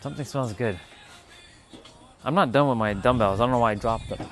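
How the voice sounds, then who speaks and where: Hosting a livestream, this man chats casually, playfully repeating a word he finds funny and laughing at it. His voice is mid-range and a little fast, with faint music in the background.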